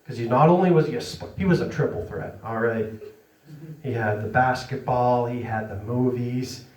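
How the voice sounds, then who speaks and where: A man's voice: medium pitch, normal speed, a little mellow, distant mic. A man doing a stand-up set in a comedy club. He is self-deprecating, laughs through his lines and keeps checking in with the crowd. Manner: chatty and checks in with the audience. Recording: roomy, from away from the mic.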